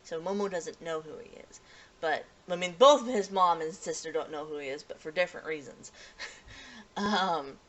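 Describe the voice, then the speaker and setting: A woman's voice: low voice, normal speed, a bit bright. A woman casually recapping an anime episode as a reviewer, rambling and restarting sentences with many fillers.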